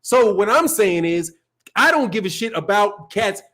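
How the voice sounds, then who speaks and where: High-pitched chicago guy hosting a boxing live stream, rambling, swearing, laughing a lot. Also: lively intonation, measured pace, fairly bright tone. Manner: loose, profane, laughs often, rambling. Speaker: boxing channel host. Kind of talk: casual live-stream rant.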